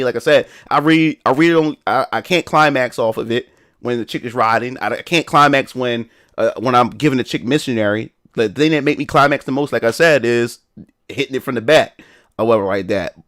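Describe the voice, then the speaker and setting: A fast-talking young male streamer has a mid-range, fairly bright voice. On his livestream he chats casually and rambles in slang, full of restarts and fillers.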